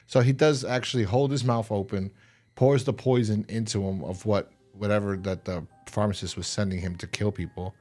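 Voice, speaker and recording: A man co-hosting a podcast, casually recapping a horror episode with lots of restarts and sudden loud mock voices. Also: lowish voice, steady tone, normal speed, soft background music. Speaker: podcast co-host.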